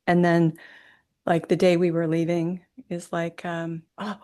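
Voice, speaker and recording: A woman sharing quick, laughing memories at a memorial over a video call. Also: fairly low pitch, completely flat delivery, a little mellow. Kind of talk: memorial remembrance.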